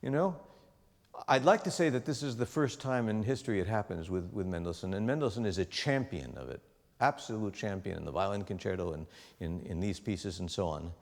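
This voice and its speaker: A man's voice: sits low, brisk, vocal fry. A man teaching a chamber music master class, talking animatedly and acting out small quoted lines as he coaches the players. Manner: animated, talks with his hands in phrases, acts out little quoted voices. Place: concert hall or large studio at a music school. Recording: long hall reverb.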